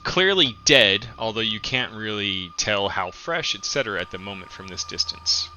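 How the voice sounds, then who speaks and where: A man narrating as game master for an online tabletop game, halting and filler-heavy, pressing his players for detail. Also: fairly low pitch, animated, pushed and bright, a little hiss or hum.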